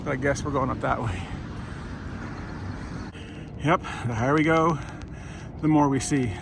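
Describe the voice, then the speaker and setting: A man with a gravelly, medium-pitched voice talks a little slowly while filming a casual walking vlog on a pilgrimage route. Nursing a sore foot, he chats, rambles, and corrects himself past a port, a factory, and an industrial road, with plenty of background noise.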